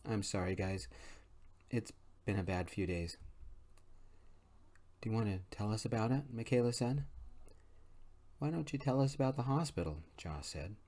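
In a hushed, soft-spoken ASMR style, a man reads an audiobook in calm, quiet first-person narration. His fairly low voice remains gentle the whole way through.

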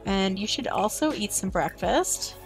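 A woman's voice: mid-range voice, animated, unhurried, music in the background. A woman streamer casually commenting on her gameplay, chatting to her game characters and her viewers.

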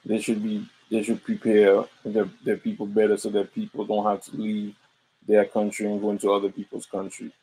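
A blunt, profane man with a low voice and a flat, level delivery that barely rises or falls. He speaks as a panelist in a casual podcast discussion. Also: normal speed, breathy edge, rough recording.

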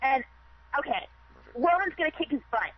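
A woman's voice: high-pitched, big pitch swings, normal speed, no echo, muffled recording. A woman calling into a radio show, chatting and rambling on. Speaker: caller. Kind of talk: chatty call-in.

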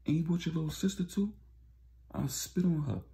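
A man doing a loud, taunting young street dealer, raised high and gravelly. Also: quick pace. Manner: loud, cursing, mocking threats.

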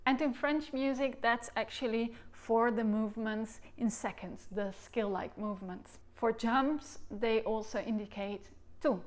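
Brief: woman music teacher, fairly high voice, calm instructional video delivery, sings tonguing syllables to demonstrate. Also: a little slow, hardly any pauses, noisy background. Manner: demonstrates articulation by singing syllables; clear, patient explanations. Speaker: recorder teacher.

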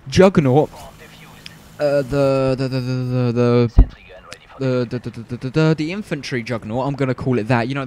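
A man's voice: medium pitch, a little mellow, a little hiss or hum. A man giving gameplay commentary, rambling, stumbling over words and apologizing often. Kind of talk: video game commentary.

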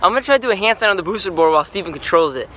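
An excitable young man with a high voice that leaps all over, joking and laughing as he films himself outdoors at night. Street noise and passing cars come through clearly on the camera mic. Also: very fast. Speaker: vlogger. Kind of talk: casual vlog chat. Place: outdoors at night, streets and parking garage top. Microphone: handheld camera mic. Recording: noisy outdoor camera audio.

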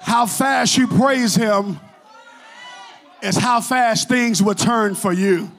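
A male pastor preaching a sermon in a church, shouting in rhythmic, repeated phrases. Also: sits high, slow, some chatter behind. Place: church sanctuary.

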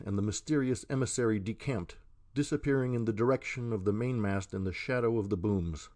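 A man reading an audiobook in a measured, scripted narration. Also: on the low side, a little mellow.

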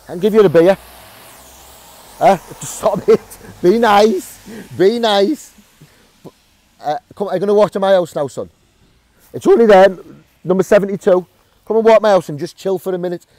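A man in his forties from Middlesbrough with a Teesside accent, calmly coaxing a stranger off a street while filming on his phone. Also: high-pitched, moderate pace, long pauses, no room sound. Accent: Teesside English. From Middlesbrough, England. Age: 40s. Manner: soothing, coaxing, calls others son and mate. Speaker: passerby helping a stranger. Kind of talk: casual filmed street encounter. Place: residential street outdoors at night.

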